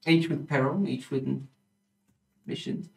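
Chatty dungeon master in a roomy space. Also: male voice, mid-range voice, steady tone, takes it slowly, gravelly. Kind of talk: narrating a tabletop game. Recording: roomy room, distant mic, music underneath.

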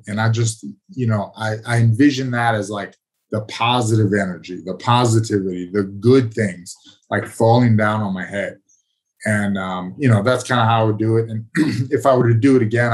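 A man's voice: lowish voice, steady tone, normal speed, a little mellow, breathy edge. A man talking casually as an interview guest, laid-back and self-mocking, rambling through his stories. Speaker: podcast guest, former fighter.

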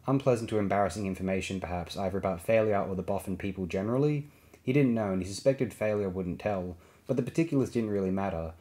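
A man reading a science fiction audiobook aloud, giving the characters' lines small shifts in pitch and volume. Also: mellow. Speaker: audiobook reader. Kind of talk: scripted narration.

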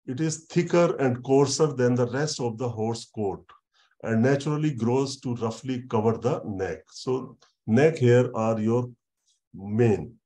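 Man lecturing, mellow voice. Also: mid-range voice. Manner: explains slowly, repeats words, many fillers. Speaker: university lecturer. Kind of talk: online lecture.

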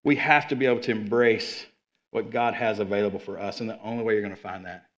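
A man preaching a sermon as a guest speaker, with energetic, conversational delivery and quick asides. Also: lowish voice, muffled recording. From Arkansas. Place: church sanctuary.

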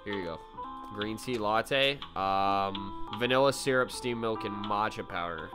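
A man's voice: lowish voice, unhurried, over music. A young man streaming a horror game, reacting in jumpy, panicky bursts and reading the dialogue aloud. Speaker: gaming streamer. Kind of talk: gameplay commentary.

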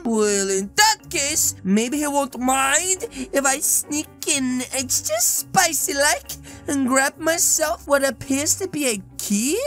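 A woman with a high voice hosts a playful game role-play video, narrating her moves and chatting to viewers in a silly, animated way. Faint music plays behind her. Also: slow. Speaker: gaming video host.

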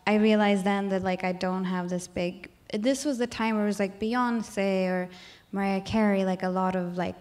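This guest singer, a Swedish woman in her thirties, chats candidly onstage in front of a live audience. Her voice sits at an everyday pitch, a little mellow, with fairly even intonation at a normal speed. Rambling sentences restart, packed with "like" and frequent laughter.

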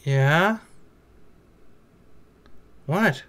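A man giving casual anime reaction commentary, excitable and swearing as he blurts out his reactions. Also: on the high side, extremely slow. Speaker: anime reaction video creator.

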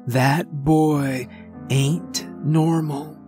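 A man doing a weary old farmer with a slow drawl. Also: fairly high pitch, fairly even intonation, faint music behind. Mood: grim, weary. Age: older. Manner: slow drawling rural speech.

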